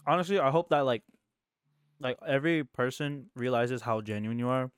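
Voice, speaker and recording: A man's voice: medium pitch, fairly even intonation, moderate pace, clear, resonant tone, no echo, clean studio sound. A young man hosting a podcast in casual chat, effusive and emphatic, swearing freely. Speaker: podcast host.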